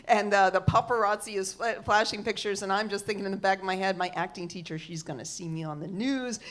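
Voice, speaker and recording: On stage, a middle-aged woman tells a comic story live, speaking quickly in a mid-range voice. She's animated, playing the characters herself and shifting her voice dramatically when quoting them.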